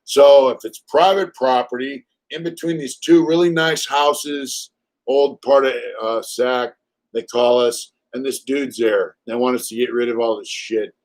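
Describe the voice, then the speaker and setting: Medium in pitch and steady, this fifty-something man from California talks a little slowly. As the host of a laid-back live stream, he tells blunt, profanity-heavy stories and performs other people's lines loudly.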